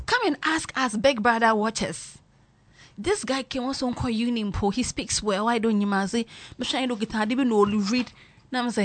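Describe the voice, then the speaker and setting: A woman, chatting casually to her viewers in an animated way and mixing in local slang. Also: a little high, moderate pace. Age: 20s. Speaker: vlogger commenting on a reality show. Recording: loud music playing behind.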